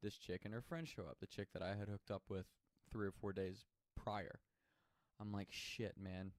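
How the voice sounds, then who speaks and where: A man's voice: lowish voice, little pitch movement, normal speed, dry recording. A man telling a personal story in a casual, chatty way, swearing freely and laughing as he goes.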